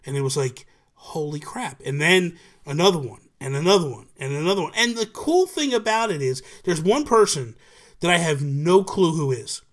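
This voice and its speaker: A man with a slightly high voice hosts a casual livestream chat over a video call, speaking at a moderate pace. He's a podcast host who tells stories with lots of energy and acts out the quotes of the people in them.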